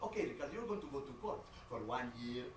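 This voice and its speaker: A man voicing a doting, teasing mother who speaks broken English and swings into dramatic shouts. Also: medium pitch, animated, fast, pitched below the performer's own voice, natural voice. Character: doting teasing middle-aged mother on the phone. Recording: echoey room, distant mic, noisy.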